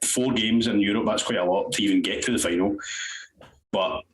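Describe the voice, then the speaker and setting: A man's voice: fairly low pitch, brisk. A Scottish man co-hosting a podcast, chatting casually about football with rambling, restarting sentences and casual swearing. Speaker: podcast co-host. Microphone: headphones on a remote call. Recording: echoey room, faint noise.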